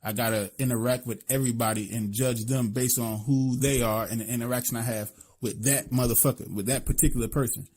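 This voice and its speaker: A man's voice: medium pitch, steady tone, fairly quick, hardly any pauses, a little mellow. A man from Philadelphia with a Philly accent, co-hosting a podcast in blunt, profane casual talk, constantly asking "you know what I'm saying". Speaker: podcast co-host.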